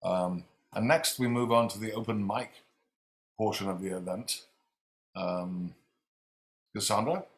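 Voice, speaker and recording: A man's voice: on the low side, unhurried, long pauses. A man hosting a livestream reading series, introducing readers in a friendly, slightly scattered way. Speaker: host.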